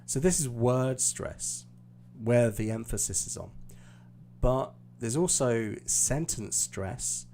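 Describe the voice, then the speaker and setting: Casting: British male English tutor, unhurried, low warm voice, on a live stream. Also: expressive, slight background noise. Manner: explaining patiently, hesitant fillers. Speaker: IELTS teacher.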